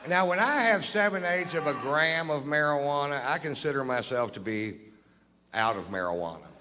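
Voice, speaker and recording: Deadpan, profane stand-up man. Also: a little high, in a large hall, background noise. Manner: laid-back, profane, deadpan storytelling with slow dry pauses. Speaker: stand-up comedian. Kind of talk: stand-up storytelling.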